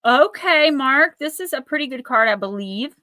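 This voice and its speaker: A woman hosting a live stream, chatting in a rambling, animated way and reading oracle cards aloud. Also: high-pitched, normal speed, no echo, clean studio sound. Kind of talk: casual live-stream chat and card reading.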